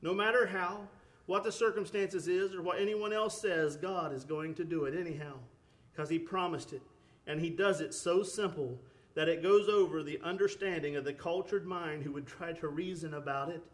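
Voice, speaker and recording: A man's voice: on the high side, fairly even intonation, moderate pace. A man preaching a sermon, earnest, with rising emphatic bursts, often repeating words and restarting phrases.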